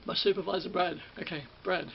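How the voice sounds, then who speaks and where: With a high-pitched, creaky voice, steady in tone and fairly quick, a middle-aged Australian man casually recalls working as a ride operator. He rambles, repeating and correcting himself frequently. Dull sound and a faint hiss mark the recording.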